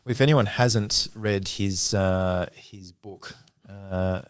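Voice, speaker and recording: Low-voiced hesitant male podcast host. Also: steady tone, slow, clean tone, dry recording. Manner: hesitant, many fillers and restarts. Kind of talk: casual podcast interview.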